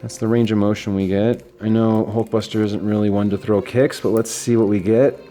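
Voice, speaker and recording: A man's voice: lowish voice, level tone, moderate pace, warm tone, soft background music. A man casually reviewing a collectible action figure, enthusiastic and chatty, with fillers and restarts. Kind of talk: casual unboxing talk.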